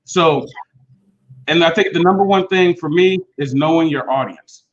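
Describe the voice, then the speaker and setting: A man's voice: fairly high pitch, normal speed, dull audio. A man who teaches speech, chatting casually and animatedly about communication and telling classroom stories. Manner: animated, slips into quoted voices of students. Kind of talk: casual podcast chat.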